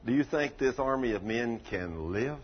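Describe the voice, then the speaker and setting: A man preacher voicing God as a calm, commanding divine figure who asks and gives orders. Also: mid-range voice, moderate pace, a little hiss or hum, lightly acted. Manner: questioning, commanding. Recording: lo-fi dull recording.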